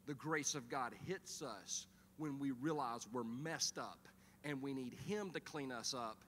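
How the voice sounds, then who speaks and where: A middle-aged man preaching a sermon as pastor, telling stories in an animated, humorous way. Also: medium pitch, measured pace, a little hiss or hum. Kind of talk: sermon with storytelling. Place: church auditorium. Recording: reverberant church hall.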